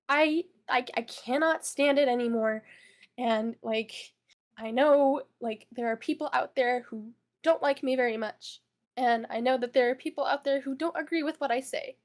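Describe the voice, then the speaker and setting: A young woman giving an emotional interview as a witness, tearful and upset, stumbling and repeating words as she apologizes. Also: high-pitched.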